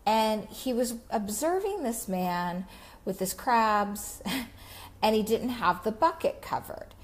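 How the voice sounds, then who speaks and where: A woman life coach talking on a Facebook Live, reflective and slow, with many fillers. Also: fairly high pitch, animated.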